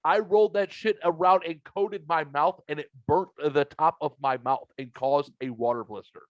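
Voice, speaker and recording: A man at a mid-range pitch tells a long, profane story on a podcast, putting on the voices of everyone in it. The sound is dry and a little dull and lo-fi, as if recorded in a basement room at home. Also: normal speed, dry recording. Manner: profane storytelling, acts out both sides of conversations. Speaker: podcast host. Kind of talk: casual chat.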